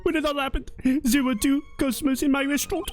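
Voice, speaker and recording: A man's voice: fairly even intonation, fast, faint music behind. A man voicing a flamboyant, fussy male French chef with a put-on French accent in a video game let's play. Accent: fake French. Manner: theatrical, swooping high voice.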